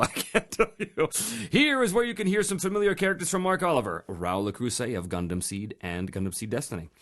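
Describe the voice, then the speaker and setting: A man hosting a voice acting podcast, chatting casually and reading out listener mail with laughs. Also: mid-range voice. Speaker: podcast host.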